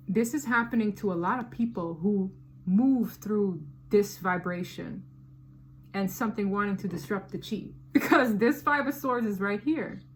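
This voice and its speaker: A woman giving a casual tarot reading, talking in an animated, slangy and emphatic way. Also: mid-range voice, a little hiss or hum. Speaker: tarot reader.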